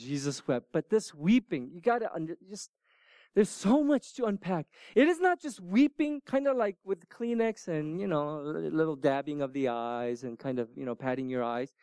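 A middle-aged man preaching a sermon, emphatic and animated at times, then dropping to soft, near-whispered words. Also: a little high, normal speed, clean tone, no room sound, clean studio sound. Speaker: pastor.

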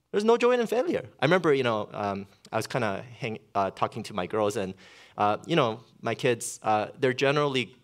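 Middle-aged guy pastor preaching, chatty and loose, lots of "you know", voice swings up and down a lot. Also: mid-range voice. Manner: conversational, many fillers, animated storytelling. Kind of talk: sermon.

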